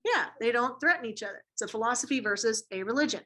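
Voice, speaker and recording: A woman's voice: a little high, quick pace, fairly bright tone. A woman teaching a history class in a casual, slangy way, asking students questions as she goes. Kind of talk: classroom lecture.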